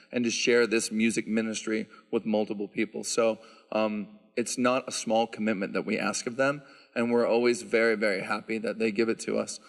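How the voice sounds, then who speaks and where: A man who directs a handbell choir, answering audience questions at a concert and explaining the instruments in a relaxed, chatty way with frequent "um"s. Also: on the low side. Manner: explanatory, relaxed, lots of "um" fillers. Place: church sanctuary. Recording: reverberant church hall.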